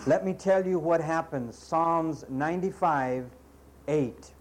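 Male preacher, high voice, scolding, emphatic, repetitive, sarcastic asides. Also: slow pace, a little hiss or hum, poor audio. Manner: sarcastic asides and mocking impressions. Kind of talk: sermon.

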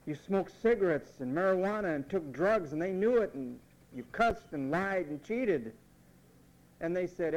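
A man preaching a sermon, emphatic and repetitive, mimicking what others say in quick asides. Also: high-pitched, expressive, poor audio.

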